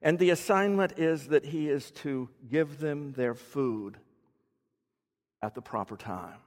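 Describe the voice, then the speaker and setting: In a slow, higher-pitched voice, a man preaches a teaching sermon as if in conversation, defining words and asking listeners questions. The sound echoes with long hall reverb.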